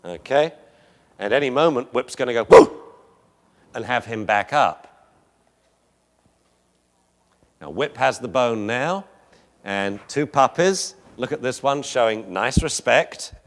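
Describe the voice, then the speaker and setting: A man lecturing on dog behavior over video footage. He is animated and chuckling, and acts out the dogs' voices. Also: medium pitch, unhurried, pauses often.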